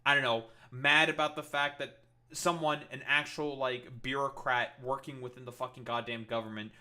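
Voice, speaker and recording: A man's voice: mid-range voice, little pitch movement, normal speed, bright, forceful tone. A man streaming commentary, ranting in a heated, exasperated way and swearing constantly. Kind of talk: profane political rant.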